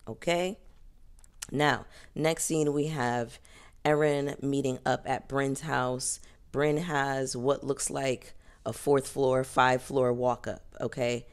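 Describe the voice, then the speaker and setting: A woman talking casually and emphatically as she reviews a reality show, repeating lines for punch and tossing in quick asides. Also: very deep voice, fairly even intonation. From New York area. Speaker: reality TV commentator.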